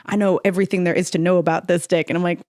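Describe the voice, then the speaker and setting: A woman's voice: lowish voice, little pitch movement, rapid-fire, a little mellow, dry recording, studio quality. Frank, laughing woman podcast co-host. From United States. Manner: laughs often, frank and playful. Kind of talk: casual comedic chat.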